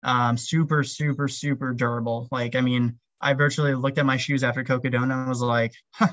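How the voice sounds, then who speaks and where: A man's voice: mid-range voice, level tone, a little fast, fairly bright tone, no echo, highs cut off. A man chatting casually as an interview guest, rambling with lots of "um" and "like" fillers. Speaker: podcast guest, ultrarunner.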